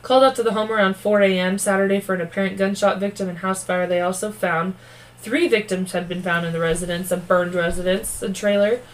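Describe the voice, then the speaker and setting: A woman's voice: medium pitch, steady tone, brisk, rough recording. A woman co-hosting a true-crime podcast, reading the case aloud and breaking off with blunt, profane, snarky asides.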